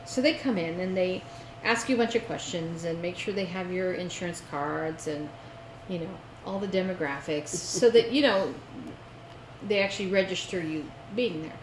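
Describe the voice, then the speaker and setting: A woman co-hosting a casual craft chat show, telling an animated story. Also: fairly low pitch, normal speed. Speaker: co-host. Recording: echoey room with faint noise.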